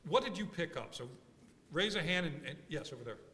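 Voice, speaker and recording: Man, fairly high voice, conference workshop speaker, animated, restarts mid-thought, big hall echo. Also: a little fast. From Philadelphia, USA. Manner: animated, thinking aloud with restarts.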